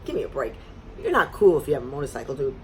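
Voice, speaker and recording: A middle-aged woman vents about a bad date with sarcastic exasperation, her pitch leaping up and down as she talks. There is a faint hiss of noise behind her. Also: big pitch swings, rapid-fire, a little mellow. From Florida. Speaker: vlogger. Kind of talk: casual storytelling rant.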